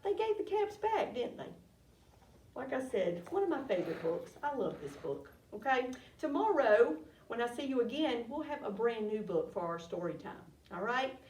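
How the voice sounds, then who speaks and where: A woman's voice: fairly high pitch, normal speed, slight background noise. A woman reading a picture book aloud to children at story time, asking them questions as she goes. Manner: animated, asks the listeners questions. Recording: roomy sound from a distant mic.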